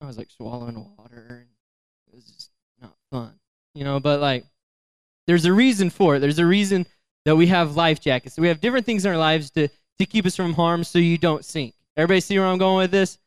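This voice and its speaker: Animated young man telling a story. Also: a little high, brisk, smooth, no echo. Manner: animated storyteller acting out voices, laughing. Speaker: youth speaker. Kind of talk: storytelling sermon.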